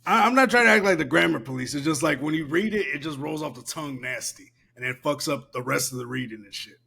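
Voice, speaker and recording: A man's voice: a little high, fast talker, gravelly, bright, forceful tone, slightly rough. Laid-back profane podcast guy. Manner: loose, profane, laughing while reading aloud. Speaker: podcast co-host. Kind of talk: casual podcast chat.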